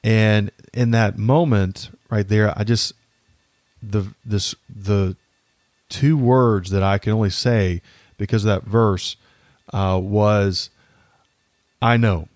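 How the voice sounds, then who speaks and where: A man in his thirties with a low-pitched voice hosts a faith-based podcast. He speaks earnestly and haltingly, with frequent fillers and restarts. The recording is close and dry, with no room echo. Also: steady tone, a little mellow. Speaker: podcast host. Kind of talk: faith-based personal reflection.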